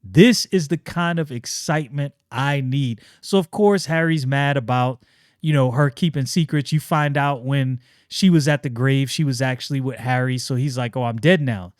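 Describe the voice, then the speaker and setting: A man hosting a casual comic book review, excitable and slangy, often restarting his sentences. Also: mid-range voice, normal speed, no echo, clean studio sound.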